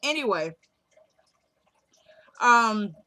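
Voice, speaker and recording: A woman's voice: on the high side, animated, very slow, sharp tone. A woman chatting casually as she recaps a TV episode, joking around and acting out the characters' lines. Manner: chatty, jokey, acts out lines from the show.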